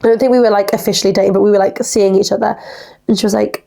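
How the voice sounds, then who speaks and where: A woman's voice: mid-range voice, fairly even intonation, rapid-fire, creaky, warm tone. A young woman, hosting a casual solo podcast in a rambling, chatty way full of "like". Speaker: podcast host.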